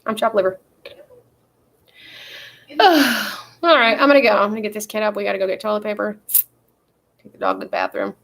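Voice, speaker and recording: A woman's voice: medium pitch, very animated, normal speed, vocal fry, pauses often, fairly bright tone. Rambling, foul-mouthed young woman vlogger. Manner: rambling and profane, with frequent fillers. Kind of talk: casual chat.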